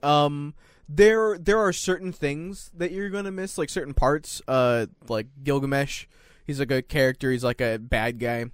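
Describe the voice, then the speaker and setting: A young man talking loosely in a casual chat, full of fillers, restarts and easy laughter. His voice sits somewhat high for a man, and the sound is dry and close-miked. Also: steady tone, unhurried, clean tone, dry recording.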